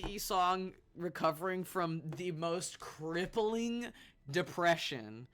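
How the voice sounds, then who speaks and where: A game streamer giving casual, loud commentary while playing, swearing, joking and laughing often. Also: medium pitch, animated, moderate pace. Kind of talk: casual let's-play commentary.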